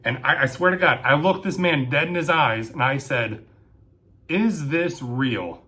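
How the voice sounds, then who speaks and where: A man telling a comic story about his days as a military police dispatcher, acting out the lines with sudden shouts and asides. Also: on the high side, moderate pace. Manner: animated, acts out quotes with shouting and asides. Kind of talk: comedic storytelling.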